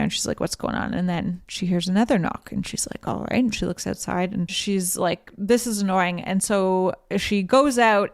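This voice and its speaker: A woman's voice: fairly low pitch, a little mellow, clean tone, no echo, clean studio sound. A woman co-hosting a casual book club podcast, retelling the plot and briefly voicing the characters' lines. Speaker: podcast co-host summarizing a book. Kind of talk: casual chat.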